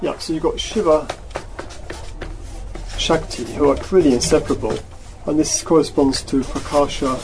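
Against a noisy background, a man with a slightly high voice reads passages aloud to his study group. He then explains them thoughtfully but haltingly, often revising what he says mid-sentence.

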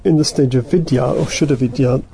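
A man teaching a study group, reading passages aloud and then explaining them in a halting, thoughtful way, often correcting himself mid-sentence. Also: mid-range voice, vocal fry, mellow, a little hiss or hum, low-quality recording.

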